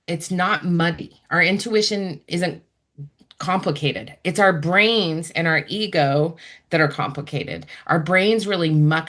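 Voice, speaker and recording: A woman in a relaxed interview conversation, her speaking voice sitting a little low. She talks with energy and often slips into quick acted-out asides for the voices in her head. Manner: animated, acts out inner voices in quick asides. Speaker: guest.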